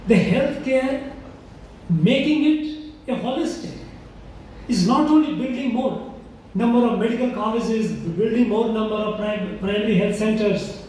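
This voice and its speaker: A man's voice: high-pitched, a little slow, a little mellow. A man giving a formal public speech to an audience, emphatic and lecturing, repeating key phrases for weight. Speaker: public speaker addressing an audience. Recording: echoey hall, distant mic, faint noise.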